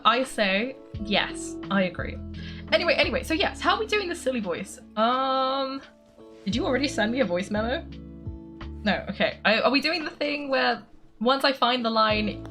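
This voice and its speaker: Young woman gaming streamer, high bouncy voice, giggly and chatty, soft music underneath. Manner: giggly and chatty, laughs often. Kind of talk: casual game commentary.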